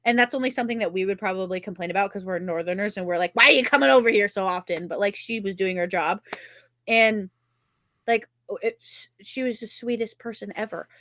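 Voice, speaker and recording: A young woman, co-hosting a podcast and telling a rambling, animated story in casual chat, swearing freely. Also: medium pitch, a little fast, no room sound. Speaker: podcast co-host.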